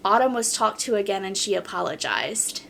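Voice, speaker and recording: A woman's voice: medium pitch, lively intonation, fairly quick, creaky, fairly bright tone, slight background noise. A woman hosting a podcast in casual chat, reading posts aloud and reacting bluntly.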